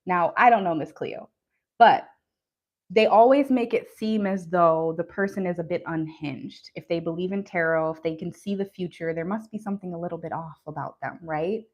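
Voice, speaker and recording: A woman's voice: on the low side, moderate pace. A woman hosting a live tarot stream, talking casually and earnestly to her viewers about spiritual practices, with frequent ums and you-knows. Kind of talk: casual live-stream talk answering chat.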